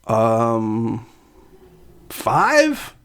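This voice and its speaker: A man's voice: mid-range voice, huge pitch swings, drawn-out words, a bit bright, smooth. A man co-hosting a podcast in casual chat, hesitant, with many restarts. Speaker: podcast co-host.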